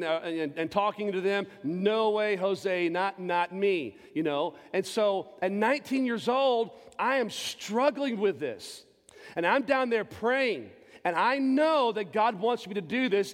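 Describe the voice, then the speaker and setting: High-voiced man preaching in his forties. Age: 40s. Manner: impassioned personal testimony, swinging between loud and hushed. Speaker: pastor. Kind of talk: sermon. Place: church sanctuary. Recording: long church reverb with faint music.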